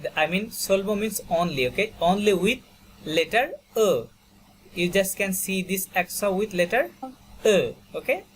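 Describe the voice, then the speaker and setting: A man's voice: high-pitched, expressive, normal speed, slight background noise. A man teaching French in an online class over a video call, patiently repeating words for students and filling his talk with "you know" and "okay". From Bangladesh. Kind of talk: online language lesson.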